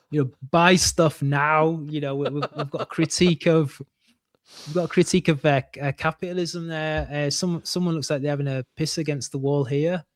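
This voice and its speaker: Male co-host, casual and halting, laughs a lot, slightly high voice, dry close sound. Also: fairly even intonation, dry recording. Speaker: podcast co-host. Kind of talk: casual chat. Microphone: video call.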